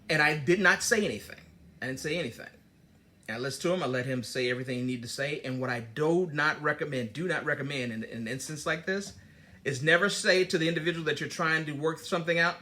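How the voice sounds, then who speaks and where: A man's voice: fairly high pitch, brisk. A man hosting his own channel, telling a workplace story in a casual motivational talk and acting out the dialogue as he goes. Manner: storytelling, animated, digresses and acts out dialogue. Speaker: host giving business advice.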